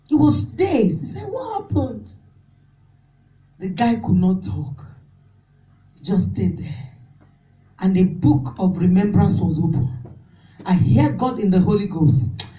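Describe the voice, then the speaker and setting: A woman's voice: mid-range voice, sing-song, slow pace, long pauses, mellow. A woman pastor preaching a fervent sermon, repeating her points and calling out to the congregation. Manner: fervent, repetitive preaching with call-and-response. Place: church hall. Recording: echoey hall, distant mic.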